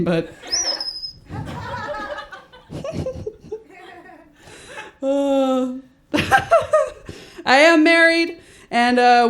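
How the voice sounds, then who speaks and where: A woman's voice: sits high, a bit bright, a little hiss or hum. A young woman from New doing a stand-up comedy set, chatty and self-deprecating, laughing at her own jokes. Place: small studio stage with audience.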